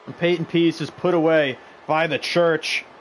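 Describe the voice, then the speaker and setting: A man's voice: on the high side, steady tone, normal speed, a little hiss or hum, rough recording. A man streaming a wrestling video game, calling the action in a bombastic mock announcer voice and bantering with the chat.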